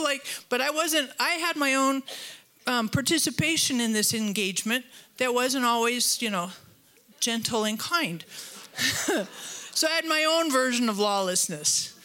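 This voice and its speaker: A woman preaching a sermon in a chatty, storytelling way, mixing humor and asides with scripture. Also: normal speed. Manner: animated, voice jumps higher when retelling conflict. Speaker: pastor.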